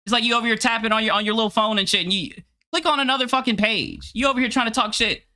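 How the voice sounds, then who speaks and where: A man streaming his reaction to a podcast clip, loud and profane, mocking the people he talks about. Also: very high voice, steady tone, very fast.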